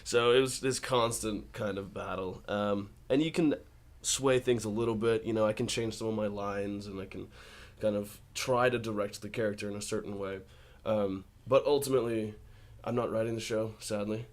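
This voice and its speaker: A man's voice: fairly low pitch, normal speed. Laid-back young man telling stories. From United States. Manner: laughs often, relaxed storytelling. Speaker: actor guest. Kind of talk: casual interview chat.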